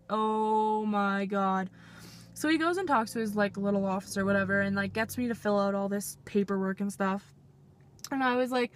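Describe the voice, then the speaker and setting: A 19-year-old woman from Canada tells a story in a fed-up, swearing vlog rant, with "like" in nearly every sentence. Her voice sits a little high. The sound is dry, with no room echo. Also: fairly bright tone. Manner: exasperated, swearing, heavy use of "like". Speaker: vlogger.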